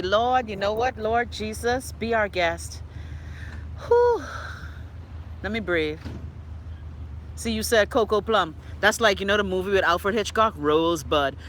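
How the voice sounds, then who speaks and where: A Bahamian woman hosting a live stream, reading viewers' comments and ranting loudly and profanely. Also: medium pitch, slight background noise. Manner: loud, profane, exclaiming ranting. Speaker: livestream host.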